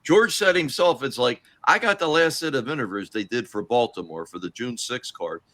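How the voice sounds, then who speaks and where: Animated man telling wrestling stories. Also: mid-range voice, moderate pace, dry recording. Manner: animated storyteller doing quoted voices. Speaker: guest, former police officer. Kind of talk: casual wrestling chat.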